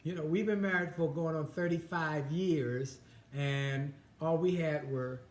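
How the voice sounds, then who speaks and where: A man in his fifties co-hosting a marriage advice chat, halting and often restarting his words. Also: on the high side. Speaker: co-host. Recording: roomy echo, faint ambience.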